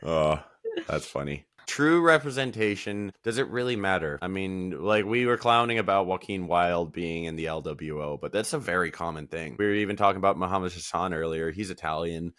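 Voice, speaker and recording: Man co-host, very deep voice, relaxed casual chat, swears a lot, dry sound. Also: fairly quick, clean tone, no echo. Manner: laid-back, swears casually, frequent "like" fillers. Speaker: podcast co-host.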